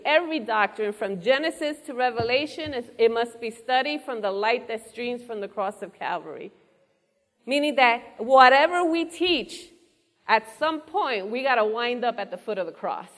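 A woman's voice: a little high, animated, moderate pace. Earnest woman preaching in a reverberant hall. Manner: earnest, engaging the audience with questions. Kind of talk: sermon. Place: church hall before a congregation.

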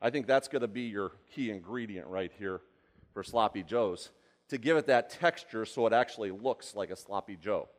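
A man's voice: lowish voice, moderate pace. A man giving a live cooking demonstration, chatty and rambling, often asking the audience questions. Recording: long hall reverb.

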